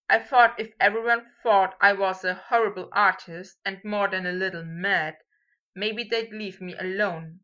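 A woman's voice: medium pitch, sharp tone, lo-fi sound. Potter, as a woman reads him, dry and teasing. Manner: dry, teasing, lightly self-mocking. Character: young adult male wizard painter, wry and teasing.

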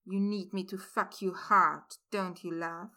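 A woman reading a story aloud, voicing an intense adult man who speaks to his lover in low, murmuring tones. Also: measured pace, sharp tone. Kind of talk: reading fan fiction aloud.

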